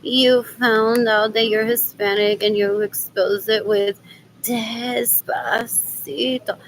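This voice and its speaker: A woman's voice: mid-range voice, little pitch movement, measured pace, slight background noise, rough recording. A woman from Rico, rambling through a personal vlog while out running errands. She switches between English and Spanish and keeps repeating herself. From Puerto Rico. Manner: rambling, mixes English and Spanish, repeats "what else" over and over. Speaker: vlogger.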